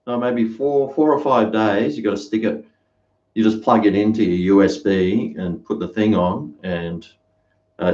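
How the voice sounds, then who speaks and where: A man's voice: medium pitch, a little mellow. An Australian man chatting casually to his live-stream viewers in a rambling, storytelling way, at home in his kitchen. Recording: roomy, dull lo-fi sound.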